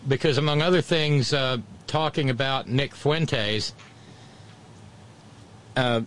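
A man's voice: medium pitch, slow pace, a bit bright. A man hosting a talk show, chatting about politics in a wry, digressive way and chuckling at his own jokes.

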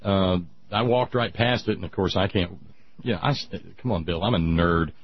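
Husky man ranting on talk radio. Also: deep voice, normal speed. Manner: ranting, rising to loud emphatic peaks. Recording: dry, dull radio audio.

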